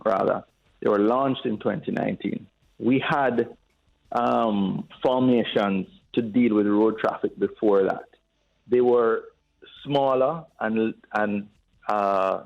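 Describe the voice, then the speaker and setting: Male radio guest, low gravelly voice, hesitant and measured, heard over a muffled line. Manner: measured, hesitant, with many fillers. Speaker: politician guest. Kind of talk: phone-in radio interview.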